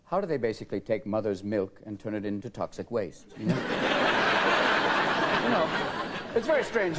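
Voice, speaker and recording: A man's voice: lowish voice, sing-song, moderate pace, long pauses. A man in his forties riffing comically as a talk show guest, breaking into silly voices. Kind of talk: comedic talk show chat. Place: TV studio with live audience. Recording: loud audience laughter and studio noise.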